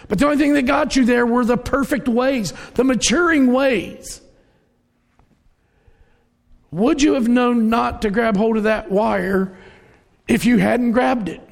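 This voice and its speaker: Middle-aged male preacher, high and gravelly, chatty storytelling sermon. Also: moderate pace. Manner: conversational, storytelling, acts out quoted voices. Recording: reverberant hall.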